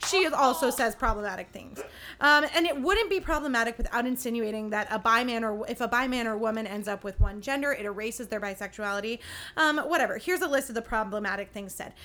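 A young woman hosts a casual recap podcast, her voice high and bright. She talks in a chatty, sarcastic way, dropping quick playful impressions of characters. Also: expressive. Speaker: podcast host recapping episodes.

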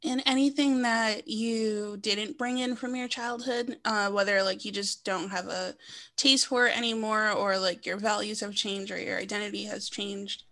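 Woman host asking measured questions. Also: mid-range voice, steady tone, a bit bright. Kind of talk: interview questions.

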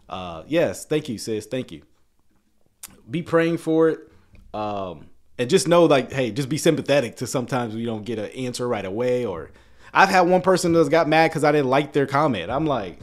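A man in his thirties hosting a casual livestream, chatty and rambling, often restarting his words and laughing. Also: medium pitch. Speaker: YouTube channel host.

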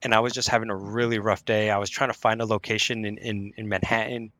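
A man's voice: on the low side, flat delivery, fast talker, sharp tone, dry recording. A man hosting a podcast, upbeat and affirming, chatting casually and telling stories. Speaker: podcast host. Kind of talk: casual conversational interview.

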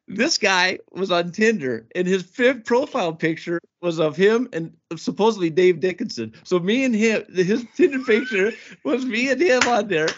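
A man co-hosting a podcast, telling a lively story in casual chat and acting out the people he quotes. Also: high-pitched, moderate pace, hardly any pauses, slightly rough. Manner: animated storyteller, acts out quoted voices. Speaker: podcast co-host. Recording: dull lo-fi podcast audio.

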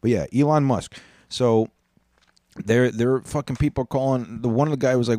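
A man's voice: medium pitch, normal speed, dark tone, no echo. A man hosting a podcast, ranting in a rambling, profane way and stumbling over his words. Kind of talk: casual rant.

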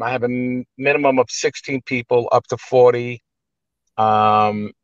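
A man's voice: mid-range voice, dry recording, lo-fi sound. Blunt, profane New York man. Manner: blunt, profane, animated storyteller. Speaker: guest, actor and private chef. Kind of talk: casual storytelling.

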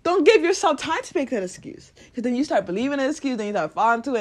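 A high-pitched woman delivers a motivational rant on her own podcast. She is blunt and profane, and she laughs as she talks. Her voice swings widely up and down. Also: very animated, a little fast. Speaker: podcast host.

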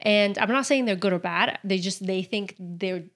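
A woman's voice: medium pitch, normal speed, fairly bright tone. A young woman co-hosting a podcast in casual chat, blunt and giggly, swearing freely. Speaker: podcast co-host.

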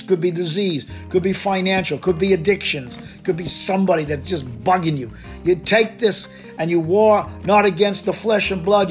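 A man preaching a recorded devotional sermon as a missionary, fervent and repetitive, declaiming scripture. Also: high-pitched. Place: Japan.

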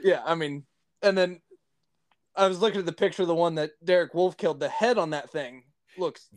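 A man hosting a podcast interview, chatting casually with relaxed, short affirming replies. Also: on the high side, a little fast. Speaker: podcast host.

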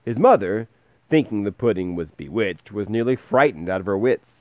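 A man reading a fairy tale aloud in a lively way, pausing to explain words. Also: on the low side, dry recording, phone-quality sound. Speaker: storyteller.

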